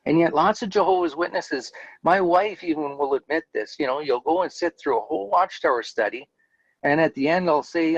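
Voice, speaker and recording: A man's voice: a little high, fairly quick, vocal fry, no room sound, highs cut off. A man, a guest in an interview, telling his own story in a candid, earnest way and laughing now and then as he talks. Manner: earnest, animated, laughs while telling stories. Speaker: interview guest, former Jehovah's Witness elder.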